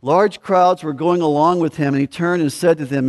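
A man's voice: on the high side, moderate pace, few pauses. Preaching man in a reverberant hall. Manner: emphatic preaching, rising and dropping in volume. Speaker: pastor. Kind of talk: sermon.

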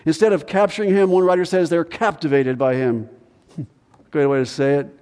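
Animated preacher man in echoing hall. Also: fairly high pitch, normal speed, clean tone. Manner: animated preaching with paraphrased voices. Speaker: pastor. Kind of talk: sermon. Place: church sanctuary.

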